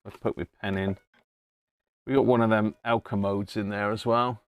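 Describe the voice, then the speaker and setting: A fairly low, even-toned man speaks at a normal speed with no echo. He has a southern English accent and hosts a casual livestream from his home workshop, restoring vintage radios, chuckling often and answering viewers by name as he examines old sets on his workbench.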